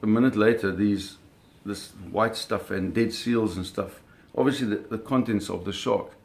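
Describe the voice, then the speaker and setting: A man's voice: lowish voice, steady tone, moderate pace, darkish tone. A man telling a personal story in casual speech, vivid, acting out sounds and often correcting himself. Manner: frequent self-corrections and repeated words. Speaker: storyteller recalling shark hunting. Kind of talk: casual spoken anecdote.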